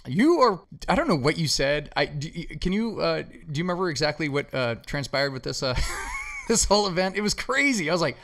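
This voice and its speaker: A man hosting a podcast, telling stories in casual chat, swearing a lot and acting out quotes loudly. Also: a little high, very animated, brisk. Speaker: podcast host.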